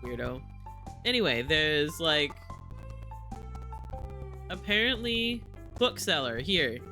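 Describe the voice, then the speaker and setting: A playful male streamer chats through his game in a bright, ringing voice that sits a little high. Soft game music plays faintly underneath. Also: animated, takes it slowly. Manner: chatty, playful, gushing asides. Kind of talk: casual gameplay commentary.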